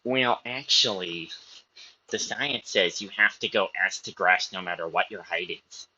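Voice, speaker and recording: A man's voice: low voice, measured pace, bright, forceful tone, husky, lo-fi sound, heavily acted. A man putting on a smug, pedantic gym nerd. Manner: nitpicking, lecturing. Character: pedantic know-it-all male gym nerd.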